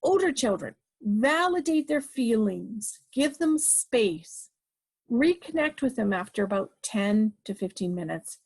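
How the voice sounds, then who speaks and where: This is a middle-aged woman giving a parenting talk, with a voice that sits fairly high. She is emphatic and direct, and she drives her points home with short, repeated commands. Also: big pitch swings, measured pace, darkish tone, husky. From Canada. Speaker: parenting educator.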